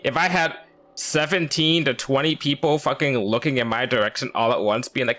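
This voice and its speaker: A man's voice: mid-range voice, a little fast, fairly bright tone. A man streaming a game, commenting casually in a chatty, profane, self-deprecating way.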